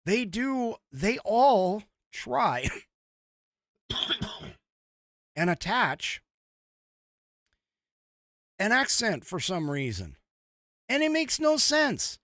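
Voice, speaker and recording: Male podcast host, casual commentary, lively swooping pitch, rambling and chuckly, dry booth sound. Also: very slow, long pauses, dry recording.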